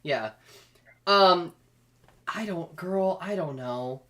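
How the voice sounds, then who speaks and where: A woman's voice: lowish voice, animated, drawn-out words, a bit bright. A woman co-hosting a comedic chat show, thoughtful, with easy laughter and a habit of saying "girl.". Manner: thoughtful, calls people "girl," laughs easily. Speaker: podcast co-host.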